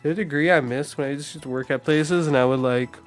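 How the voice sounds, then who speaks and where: A man's voice: fairly high pitch, a little fast, soft background music. A man streaming a game, ranting casually with heavy swearing and frequent laughter. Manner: profane, rambling, laughs often.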